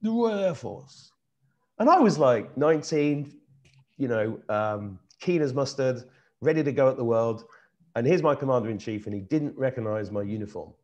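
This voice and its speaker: Middle-aged British host, earnest and animated, keeps restarting his sentences. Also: mid-range voice, moderate pace, dull audio. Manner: earnest, animated, repeats himself while searching for words. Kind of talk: casual conversational storytelling.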